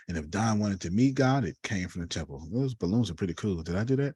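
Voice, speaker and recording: A man, teaching a lively, preachy Bible lesson over a video call and calling on listeners by name. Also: fairly low pitch, quick pace, few pauses, slightly rough, dry recording. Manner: uses Black church phrasing.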